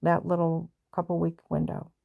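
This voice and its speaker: Gravelly older woman telling a family story. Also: lowish voice, completely flat delivery, moderate pace, no room sound, narrow, tinny audio. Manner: plain-spoken, repetitive, with sighs. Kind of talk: personal storytelling.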